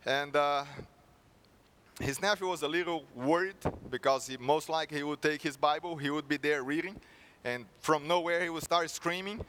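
A man's voice: a little high, normal speed, fairly bright tone, clear, resonant tone. A male preacher delivering a sermon with earnest storytelling and rhetorical questions.

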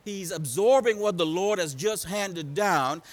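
Dramatic high-voiced male preacher. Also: lively intonation, unhurried, hardly any pauses. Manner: dramatic, call-and-response, swinging from loud to hushed. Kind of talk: sermon.

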